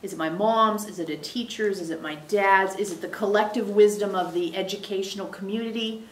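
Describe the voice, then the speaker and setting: A woman channeler speaking as "we" for a spirit group, giving an emphatic, animated teaching to a small live audience. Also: medium pitch, fairly quick. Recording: echoey room.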